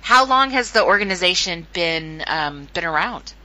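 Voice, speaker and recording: A woman's voice: fairly low pitch, lively intonation, normal speed, sharp tone, rough recording. An American woman hosting a radio interview, friendly and a little hesitant, with many fillers. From United States. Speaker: podcast host.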